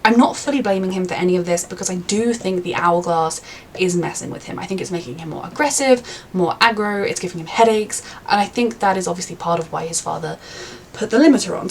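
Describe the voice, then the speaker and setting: A woman's voice: mid-range voice, a little fast, darkish tone, a little hiss or hum. A young woman reviewing a TV episode in a chatty, rambling way, with many fillers. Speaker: TV reaction reviewer. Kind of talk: casual reaction review.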